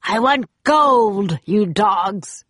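A woman voicing a gruff, bullying male pirate captain who roars his words slowly. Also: mid-range voice, lively intonation, fairly bright tone, dry recording, studio quality, voice pushed up, full character voice. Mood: menacing. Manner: slow growling roar.

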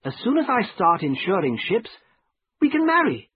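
A man putting on a high earnest young friend. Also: huge pitch swings, normal speed, breathy edge, dry recording, heavily acted. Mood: hopeful. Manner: serious, gently pleading. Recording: narrow tinny phone-like sound.

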